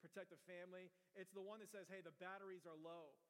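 A man preaching as a pastor, who prays quietly and then tells a story with lively, energetic delivery. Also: high-pitched, fast, clean tone, long reverb tail. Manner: prays softly then tells stories animatedly. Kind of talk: sermon with prayer and storytelling.

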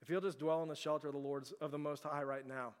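A man's voice: a little high, level tone, quick pace. A young adult male pastor giving a conversational sermon in a church, asking the congregation questions. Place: church sanctuary. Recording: long hall reverb.

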